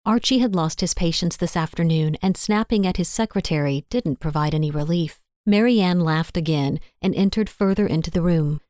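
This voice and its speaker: Woman reading an audiobook, lowish voice, dry close mic. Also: moderate pace, hardly any pauses, warm tone, no room sound. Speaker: narrator. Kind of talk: audiobook narration.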